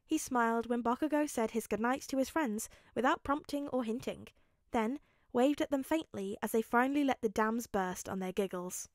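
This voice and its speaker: A woman narrating a fanfic audiobook in a calm, even storytelling manner. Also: on the high side, normal speed, dry recording, studio quality.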